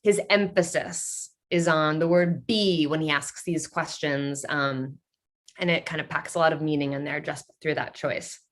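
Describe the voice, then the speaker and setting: A woman's voice: low-pitched, steady tone, measured pace. A woman leading an online workshop over a video call, playful and upbeat as she reads out answers from the chat. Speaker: workshop leader.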